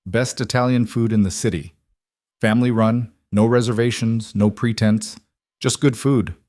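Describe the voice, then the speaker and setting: A man voicing a calm, assured mafia boss with a dry, amused manner in an audiobook. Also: lowish voice, moderate pace, dry recording, lightly acted. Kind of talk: audiobook character voice.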